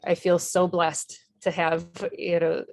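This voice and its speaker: A woman's voice: lowish voice, completely flat delivery, slow pace, a little hiss or hum. A woman, an Army veteran and nonprofit director, telling her story in a TV interview in an earnest, candid way with small restarts.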